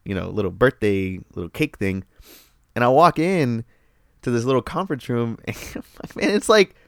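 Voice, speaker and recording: A man telling a story in casual chat, animated and profane, laughing often. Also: medium pitch, moderate pace, no room sound, clean studio sound.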